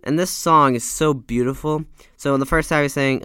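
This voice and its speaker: Man, casual album reviewer, smooth clear voice, dry close mic with pop filter, eager and rambling. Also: fairly high pitch, fairly even intonation, moderate pace, a bit bright, no room sound. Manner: enthusiastic, rambling, self-correcting. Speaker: music reviewer. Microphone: studio mic with pop filter.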